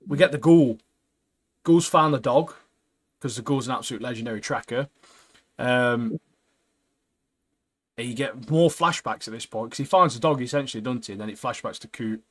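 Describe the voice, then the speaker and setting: A man chatting on a podcast, lively and easygoing as he retells an episode. His voice sits in a middle register and he often drops a friendly "mate". He laughs readily while keeping things casual. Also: mid-range voice, moderate pace, long pauses. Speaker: podcast co-host. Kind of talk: casual chat recapping a TV episode.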